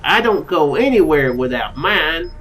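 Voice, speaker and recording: A man with a Southern US accent reading the lines of a laid-back Southern male spaceship crewman in a game, in a slow, easy drawl. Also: on the high side, very animated, fairly bright tone, recorded from a distance, slight background noise, poor audio. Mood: easygoing.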